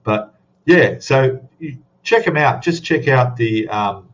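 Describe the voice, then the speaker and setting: This Australian livestream host rambles chattily and calls out viewers by name. His medium-pitched voice is animated but slow, heard through lo-fi audio.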